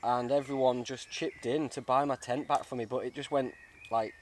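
A man's voice: mid-range voice, fairly even intonation, moderate pace, slight background noise. Guy, casual outdoor vlog, heartfelt and chatty, woodland sounds behind. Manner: chatty and heartfelt, says mate. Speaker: bushcraft vlogger. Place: woods outdoors.

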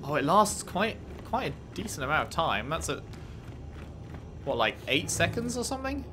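A man's voice: a little high, big pitch swings, normal speed, music in the background. A man giving casual let's-play commentary, chatty and playful, reading menus aloud and bantering with the game. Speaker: gaming commentator.

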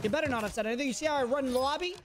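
A high-pitched man taunts opponents over live gameplay, swaggering and mock-menacing as he repeats his lines. Game sounds and ambience run clearly behind his voice. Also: rapid-fire, noisy background. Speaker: streamer. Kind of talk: trash-talking gameplay commentary.

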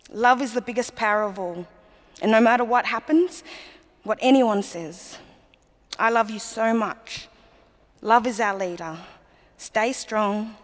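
A woman's voice: mid-range voice, natural voice. A woman performing a mother's heartfelt letter on a festival stage, tender and earnest. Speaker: performer reading a letter aloud. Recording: long hall reverb.

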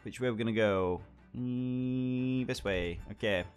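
A young man chatting excitably as he plays a game, talking to his pet along the way. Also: mid-range voice, slow, faint music behind. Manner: chatty and excitable, talks to his pet dog, exclaims at surprises. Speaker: gaming channel host. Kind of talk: let's play commentary.

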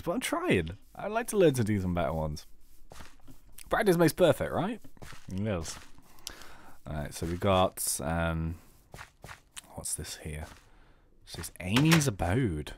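Chatty man with lively pitch. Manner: chatty, excitable, rambling. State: slightly sore throat. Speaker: game commentator. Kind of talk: casual let's play commentary.

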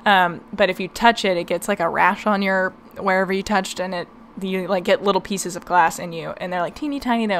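A woman's voice: mid-range voice, a bit bright. Young woman, podcast host, casual storytelling, chatty, laughing, filler words, faint background hiss.

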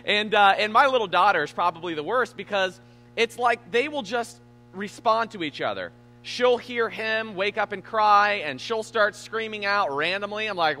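A young man preaching a sermon as pastor, telling a family story with animated, self-deprecating humor and saying he is tired. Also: sits high, normal speed.

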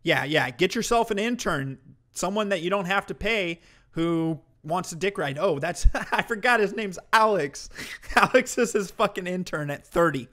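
Dude with a slightly high voice ranting on stream, swearing a lot, sarcastic and heated. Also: male voice, animated, moderate pace, fairly bright tone. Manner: heated, profane, mocking. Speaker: streamer commentator. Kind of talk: ranting commentary to a live chat.

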